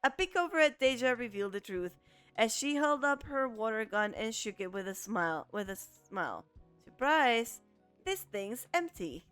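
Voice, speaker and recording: A woman reads game narration aloud in a smooth, crisp voice that sits a little high. She stumbles and restarts often as she goes. It sounds dry and close to the mic, with faint music underneath. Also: animated, a little fast, fairly bright tone, dry recording. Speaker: let's play streamer. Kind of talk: reading a visual novel aloud.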